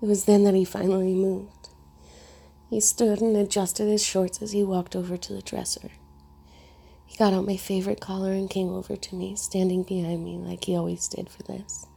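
Gravelly, husky woman narrating softly. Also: medium pitch, flat delivery, normal speed. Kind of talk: first-person story narration.

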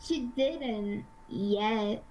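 A woman's voice: medium pitch, extremely slow, darkish tone, slight background noise, low-quality recording. A young woman playing a tabletop game, chatting casually with lots of fillers and frequent giggles. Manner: giggly, hesitant with many fillers. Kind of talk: casual in-character game chat.

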